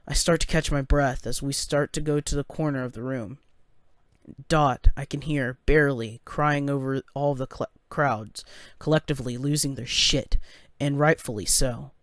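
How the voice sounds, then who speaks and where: A man narrating a first-person story in a halting, anxious way, stumbling over his words. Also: medium pitch, steady tone, no room sound, clean studio sound. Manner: halting, anxious, with stammered restarts.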